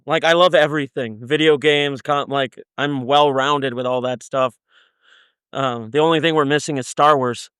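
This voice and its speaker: A man's voice: mid-range voice, a bit bright, clean tone, no echo, studio quality. A man who created a festival, chatting casually on a podcast, jokey and rambling with lots of laughter. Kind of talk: casual chat.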